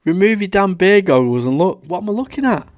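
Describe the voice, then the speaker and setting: A man's voice: high-pitched, lively intonation, brisk, dry recording. A young British man doing casual, combative reaction commentary as a streamer, swearing a lot. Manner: brash, combative, heavy swearing.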